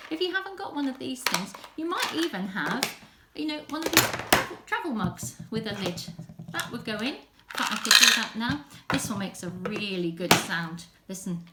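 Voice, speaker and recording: A woman leading a children's group, telling a story from home in an animated way that drops to whispers. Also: on the high side, normal speed, very noisy.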